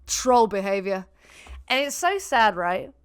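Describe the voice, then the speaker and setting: A woman's voice: mid-range voice, big pitch swings, unhurried, clean tone, no echo, clean studio sound. A woman hosting a vegan reaction video, talking sarcastically, laughing often and swearing freely.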